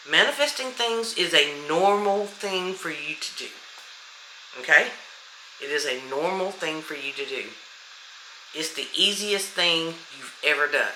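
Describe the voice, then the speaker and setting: Blunt, no-nonsense woman coach with a piercing bright voice, recorded in a roomy space. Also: fairly low pitch, slight background noise. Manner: blunt, straight to the point, repeats affirmations. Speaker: manifestation coach. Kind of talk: casual motivational talk.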